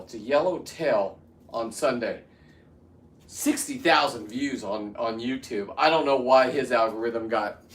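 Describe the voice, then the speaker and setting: Casting: fifties man, vlogger, mid-pitched, rambling and restless, heard in a roomy space from a few feet off the mic. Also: far from the mic, a little hiss or hum. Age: 50s. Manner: rambling, restarts, heats up into ranting. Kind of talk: casual talk to camera while working.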